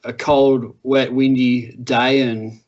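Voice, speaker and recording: A young Australian man co-hosts a podcast, chatting casually in a medium-pitched, slightly mellow voice with flat delivery and a slow pace. His laid-back storytelling is punctuated by laughing through his tales. The audio is muffled and lo-fi.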